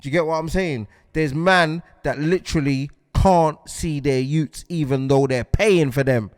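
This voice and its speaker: Guy in his 40s ranting on his podcast, high voice, dry close sound, keeps asking do you get me. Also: normal speed, few pauses, dry recording. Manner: heated, repetitive, asks "do you get what I'm saying". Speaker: podcast host. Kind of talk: impassioned podcast monologue.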